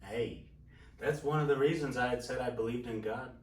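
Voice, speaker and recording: A man's voice: medium pitch, normal speed, far from the mic. Profane, rambling man heard from off-mic. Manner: candid, profane, rambling storyteller. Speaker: podcast host. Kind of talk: casual storytelling chat. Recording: roomy sound from off-mic.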